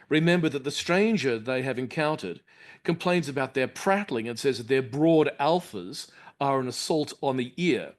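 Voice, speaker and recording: Male university lecturer, articulate and measured, mid-range voice, lecture-room delivery. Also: medium pitch. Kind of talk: academic lecture.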